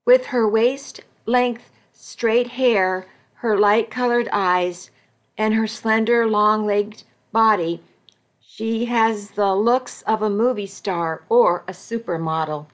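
A woman narrating a first-person story in a measured, unhurried way. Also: medium pitch. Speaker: audiobook narrator.

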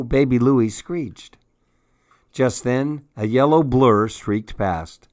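A man reading a children's story aloud in an unhurried, expressive way. His voice sits mid-range and sounds close and dry. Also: medium pitch, dry recording. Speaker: radio story-hour host.

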